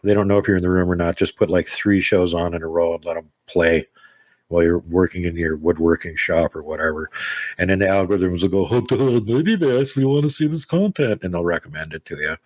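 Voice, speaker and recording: A man's voice: low-pitched, flat delivery, fast, no echo. An American man hosting an online show in casual chat, joking and rambling with self-deprecating humor. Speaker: podcast host.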